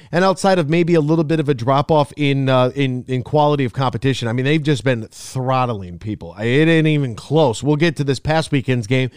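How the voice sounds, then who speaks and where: A man's voice: mid-range voice, a little mellow, clean tone, no echo, clean studio sound. A man hosting a sports talk radio show, asking long, emphatic questions.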